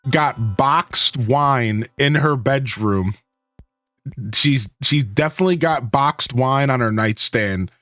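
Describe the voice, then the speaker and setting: A man streaming a video game, chatting casually and joking with his viewers. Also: medium pitch. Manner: animated, jokey, talks to chat. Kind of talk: casual gaming chat.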